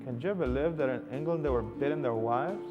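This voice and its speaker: A man's voice: mid-range voice, fairly quick, dull audio, over music. A man hosting a comic trivia segment to camera, teasing and emphatic. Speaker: show host.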